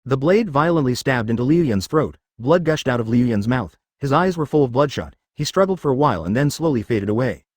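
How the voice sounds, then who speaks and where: A man narrates fan fiction in a scripted, slightly synthetic delivery, his pitch rising and falling in a lively way. He speaks a little fast with few pauses. The recording is dry and close, with no room sound.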